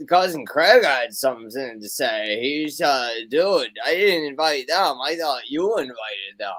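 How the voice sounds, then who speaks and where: A man's voice: medium pitch, expressive, unhurried, fairly bright tone. A man playing a slacker memorabilia dealer who drawls and calls everyone dude and bud. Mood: laid-back. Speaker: recurring comic character. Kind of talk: comic sketch.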